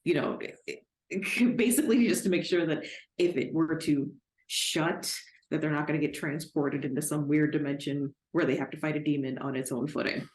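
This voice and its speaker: A tabletop player explains what the character does, wandering through fillers and quick asides. The voice sounds roomy and echoing, at a middle pitch. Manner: rambling, filler-heavy description. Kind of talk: casual tabletop play. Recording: roomy echo.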